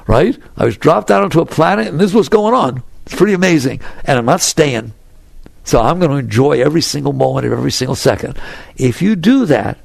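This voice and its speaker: Older male spiritual teacher, rather high, gravelly, very lively delivery. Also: dry recording. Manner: animated, laughing often, rhetorical questions. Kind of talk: spiritual talk to an audience.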